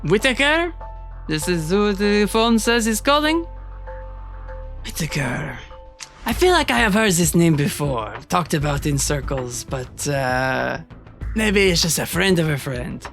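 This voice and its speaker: A game master voicing a falsely polite male hunter villain with a French accent, speaking slowly and smoothly. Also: mid-range voice, big pitch swings, fairly bright tone, faint music behind, pitched above the performer's own voice. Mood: mocking. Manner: slow, falsely polite, drawn-out purring.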